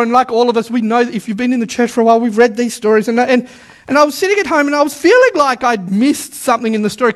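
A man preaching a sermon to a live congregation, animated, repeating words for emphasis and calling on the listeners to say lines back. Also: very high-pitched. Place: church service with a live congregation.

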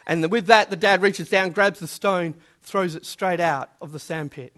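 High, bright-toned male preacher who hammers home key words. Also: normal speed. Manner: emphatic, repeats key words. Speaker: pastor. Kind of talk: sermon with opening prayer.

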